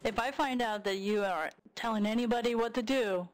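A woman's voice: on the high side, fairly quick. A woman acting as a game server admin in voice chat, speaking bluntly and firmly. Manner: blunt, firm, unbothered. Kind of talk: casual gaming voice chat.

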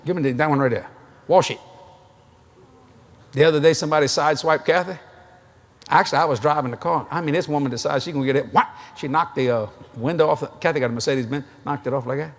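Male preacher, middle-aged, fast-talking and lively, slightly husky, folksy storyteller at a convention pulpit. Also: on the high side. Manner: folksy storytelling, acts out dialogue, laughs often. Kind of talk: sermon. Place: large convention hall, live audience.

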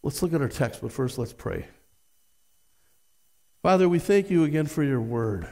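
High-voiced pastor preaching in a reverberant hall. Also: male voice, animated, moderate pace, darkish tone. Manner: reads scripture aloud with dramatic emphasis, asks the congregation rhetorical questions. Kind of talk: sermon. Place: church sanctuary.

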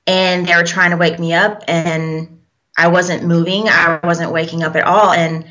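A young woman with a lowish voice and a sharp, bright edge tells her story haltingly, pausing often and leaning on fillers. The recording is dull and lo-fi, as if the top end were shaved off. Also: little pitch movement. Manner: halting, hesitant, with frequent fillers. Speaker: guest. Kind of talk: personal storytelling in an interview.

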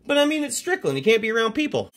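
A man's voice: very high-pitched, racing, slight background noise. Profane, hyped-up card-collecting guy. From Canada. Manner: profane, excitable hype talk. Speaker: card collecting channel host. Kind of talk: casual mail-day chat.

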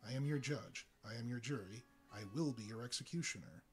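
A man's voice: medium pitch, a little fast, close to an everyday voice. Casting: tormented alien giant, formal and stiff speech, read by a man, faint guitar behind. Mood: anguished.

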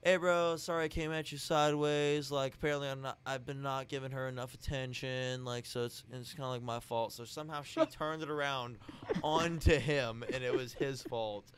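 A young man tells a crude story on a podcast, acting out the quoted lines as he goes. His voice is smooth and resonant. He sits at an average pitch for a man. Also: fairly even intonation, a little fast, hardly any pauses, fairly bright tone. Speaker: podcast guest. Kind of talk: casual chat.

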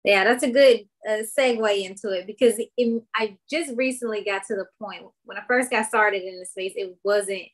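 A woman hosting a podcast, chatting casually in a halting way with fillers. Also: medium pitch. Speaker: podcast host. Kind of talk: casual chat.

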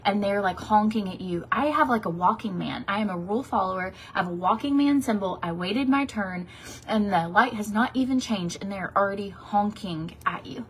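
A woman's voice: mid-range voice, moderate pace, a little hiss or hum. A woman in her thirties from Tennessee, a beauty vlogger chatting casually during a makeup tutorial, rambling with many fillers and restarts.

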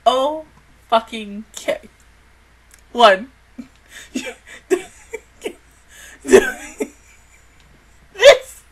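A woman talks through her reaction to an anime episode, excitable and often swearing. Her voice sits high and swings widely in pitch. Her tone is bright, and laughter and loud outbursts keep breaking in. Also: poor audio. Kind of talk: casual reaction review.

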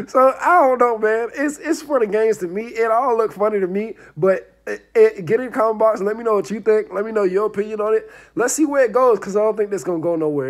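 A man hosting a casual commentary vlog, rambling and often trailing off into low mumbles. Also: fairly quick. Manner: rambling, keeps repeating "I don't know", trails off into mumbles. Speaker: vlog host.

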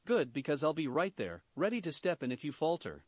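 A man's voice: a little high, very animated, brisk, no echo. A man voicing an earnest, protective young woman in a fan-fiction reading, speaking firmly.

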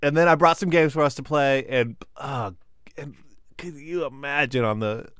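A man's voice: medium pitch, normal speed, a bit bright, clear, resonant tone, no room sound, clean studio sound. A man co-hosting a comedy podcast, sarcastic with exaggerated disgust. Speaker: podcast co-host. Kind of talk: casual comedic chat.

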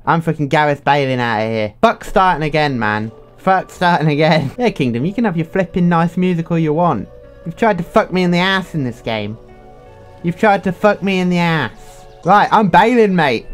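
Excitable, sweary young man gaming. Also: a little high, normal speed. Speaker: gaming video creator. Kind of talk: game commentary. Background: faint game music.

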